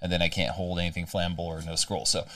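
A man's voice: low-pitched, little pitch movement, quick pace, bright, forceful tone, no echo, studio quality, recorded from a distance. A man playing in a tabletop game, speaking hesitantly with many fillers and reading his character's rules aloud. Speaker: player. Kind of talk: casual tabletop play.

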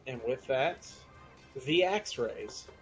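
A man narrating a tabletop game as game master, in loose, halting speech full of fillers. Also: medium pitch, expressive, faint music behind.

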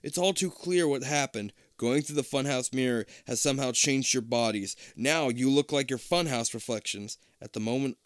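A man reading a storybook aloud in a casual, animated way, tossing in jokey asides. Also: mid-range voice, normal speed, few pauses, dry recording, studio quality. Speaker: reader.

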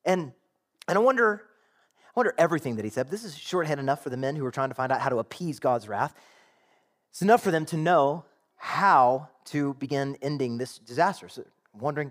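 A man's voice: a little high, expressive, fairly quick. A man preaching a sermon in a conversational way, acting out quotes and asking the congregation rhetorical questions. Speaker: pastor.

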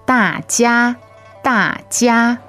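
A woman's voice: fairly high pitch, extremely slow, bright, forceful tone, faint music behind. A woman whose first language is Chinese, co-hosting a lesson podcast and giving careful model pronunciation. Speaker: podcast co-host.

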